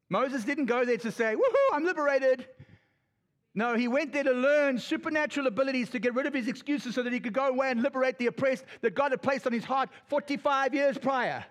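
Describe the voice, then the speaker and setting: High-voiced South African man preaching. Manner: impassioned, rapid preaching with asides. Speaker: pastor. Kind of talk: sermon.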